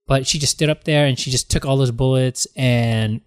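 A man's voice: medium pitch, normal speed, smooth. A man in casual film chat, rambling with many restarts and acting out lines from scenes. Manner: rambling, animated, acts out quotes.

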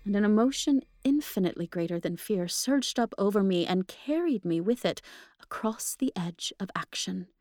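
A woman giving an expressive, emotional first-person reading of a ghost story for a podcast. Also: mid-range voice. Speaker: podcast reader.

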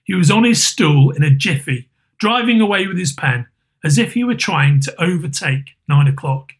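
A man narrating a classic story aloud with a lively, theatrical delivery. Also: high-pitched, moderate pace. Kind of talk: expressive storybook reading.

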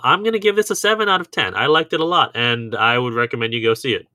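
A man's voice: medium pitch, quick pace, pushed and bright, no room sound. A man co-hosting a podcast, chatting casually about a film in an upbeat way and laughing easily. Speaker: podcast co-host. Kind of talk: casual film review chat.

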